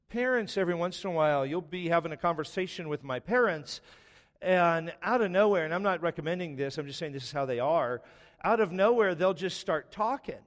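A man in his forties preaching a sermon as pastor, telling stories with joking asides. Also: on the high side. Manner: conversational storytelling with joking asides. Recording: long reverb of a large hall.

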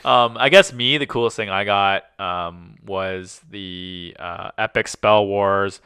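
A man's voice: fairly low pitch, slow, clear, resonant tone, dry recording, studio quality. A man co-hosting a casual podcast chat, telling rambling stories peppered with "like" and acting out the conversations he quotes. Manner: rambling storyteller, heavy use of "like"; animated, acts out quoted conversations. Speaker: podcast co-host.

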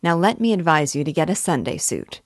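A woman's voice: sits low, lively intonation, a little fast, dry recording, clean studio sound. Woman doing a rambling old village clerk. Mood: advising. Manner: rambling, folksy rural dialect. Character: garrulous old male parish clerk.

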